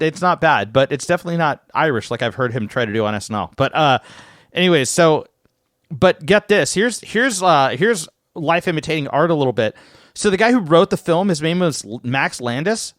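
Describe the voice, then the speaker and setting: A man co-hosting a casual podcast, talking in an animated way with plenty of restarts and some swearing, close to the mic. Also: on the high side, no echo. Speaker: podcast co-host.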